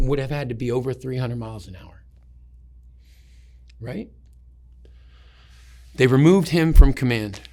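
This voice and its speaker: Army vet guy swearing a lot, rambling war stories, keeps restarting sentences, regular mid voice. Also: mid-range voice. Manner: profane, rambling, many restarts. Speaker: interview subject, army veteran. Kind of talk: casual storytelling.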